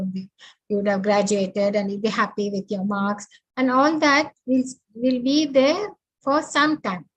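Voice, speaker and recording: A woman teaching an online scripture class over a video call, unhurried and full of fillers as she walks through her slides. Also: a little high, lo-fi sound. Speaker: spiritual teacher.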